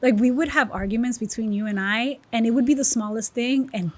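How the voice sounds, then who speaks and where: Woman podcast guest, candid and emotional, personal testimony, animated storytelling. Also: a little high, brisk.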